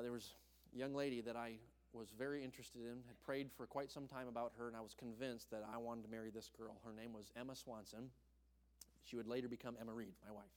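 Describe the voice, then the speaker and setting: A young man preaching a sermon as pastor, telling a personal story and acting out quoted voices, dropping soft and low for tender points. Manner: storytelling, acts out quoted voices with big pitch jumps.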